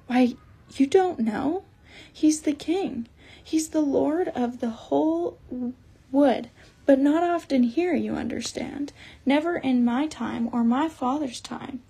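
A woman's voice: sits high, dark tone, husky, full character voice. A woman reading as a gloomy old-fashioned male beaver. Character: gloomy, homely male beaver, middle-aged. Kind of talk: audiobook character reading.

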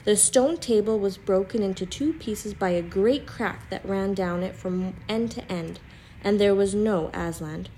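A woman reading a children's storybook aloud. Her narration stays calm and even, at a middling pitch. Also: unhurried, a little hiss or hum.

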